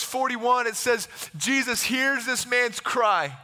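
A man's voice: very high-pitched, lively intonation, slow pace, bright, forceful tone. A man preaching a sermon with passion, repeating himself and acting out the voices of Bible figures. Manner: impassioned, repetitive, acts out the voices of Bible figures. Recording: long hall reverb.

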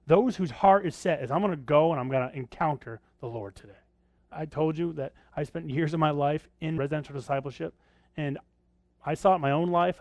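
A man's voice: fairly high pitch, darkish tone, no room sound. Conversational preacher man, dry close sound. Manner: conversational preaching with frequent rhetorical questions. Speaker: pastor. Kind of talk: sermon.

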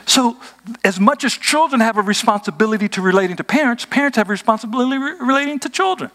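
A man's voice: extremely high pitch, expressive, quick pace, sharp tone. A man preaching a sermon as pastor, emphatic and conversational, asking his congregation rhetorical questions.

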